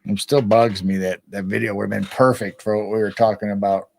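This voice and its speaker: A man's voice: on the low side, little pitch movement, a little fast, gravelly, a little hiss or hum. Easygoing man in his sixties. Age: 60s. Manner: easygoing, rambling, chuckles between remarks. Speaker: live stream host. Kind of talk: casual late-night chat.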